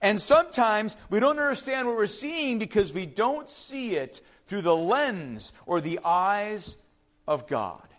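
A man preaching a sermon, swinging between loud urgent passages and soft hushed ones. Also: high-pitched, big pitch swings, a little slow. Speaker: pastor.

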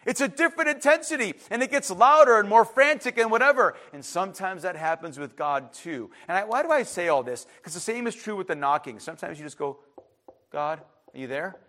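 A man preaching a sermon as a pastor, emphatic, his voice swinging between loud outbursts and hushed asides. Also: high voice, lively intonation, fast talker, few pauses.

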